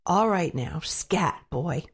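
Bossy female parrot, crisp and impatient, slightly husky, woman doing the voice. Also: low voice, lively intonation, full character voice. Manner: brisk and scolding.

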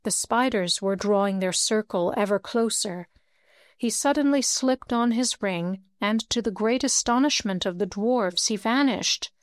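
Smooth, dry-voiced woman narrating. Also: mid-range voice, unhurried, no echo. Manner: steady storytelling, lifts her voice for dialogue. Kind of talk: audiobook reading.

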